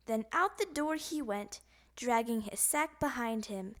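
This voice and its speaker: A woman reading a children's picture book aloud, animated and playful with the sound words. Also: on the high side, a little slow. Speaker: storybook reader.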